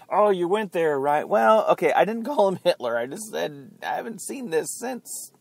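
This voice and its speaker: A man rants on his own podcast in a loose, sarcastic, chatty way and chuckles at his own jokes. His voice sits a bit high and swings widely up and down. The sound is dry and close, with no room echo. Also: animated, a little slow, creaky. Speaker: podcast host. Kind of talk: rambling political rant. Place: outdoors near beeping buses.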